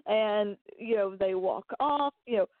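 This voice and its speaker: A woman co-hosting a casual chat about a TV show, retelling scenes quickly and acting out the characters' lines. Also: mid-range voice, no echo. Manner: fast, animated retelling with acted-out quotes. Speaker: podcast co-host. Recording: tinny phone-like line, dry.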